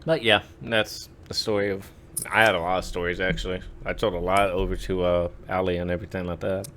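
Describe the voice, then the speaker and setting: Deep-voiced rambling man telling stories. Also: little pitch movement, brisk, a bit bright, a little hiss or hum. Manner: rambling, lots of "like" and "uh" fillers. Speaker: podcast storyteller. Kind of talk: casual chat.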